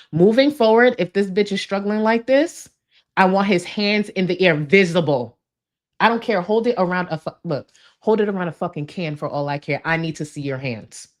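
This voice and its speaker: A woman with a low, deep voice talks through clips in reaction commentary. She is blunt and profane, and exasperation runs through her delivery.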